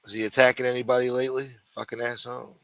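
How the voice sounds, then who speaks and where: Sarcastic swearing livestream host, bright voice. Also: male voice, mid-range voice, flat delivery, very fast, vocal fry, no echo. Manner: rambling, sarcastic, heavy swearing. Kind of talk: casual profane commentary.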